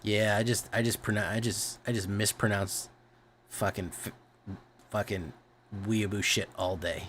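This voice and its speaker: A male streamer talks in loose, meandering chat with his audience. His voice sits on the low side. He swears freely and keeps doubling back to fix what he just said. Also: fairly even intonation, unhurried, fairly bright tone, slight background noise. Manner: rambling, swears casually, self-correcting.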